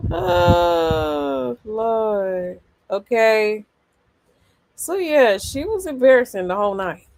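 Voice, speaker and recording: A woman hosting celebrity gossip, casually reacting to clips and comments in a sassy drawl with loud laughs. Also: medium pitch, no room sound.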